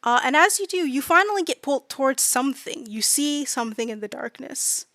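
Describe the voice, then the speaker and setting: A woman's voice: high voice, lively intonation, a little fast, bright, forceful tone, slight background noise. A woman game master casually narrating a tabletop game, with many fillers in her descriptions.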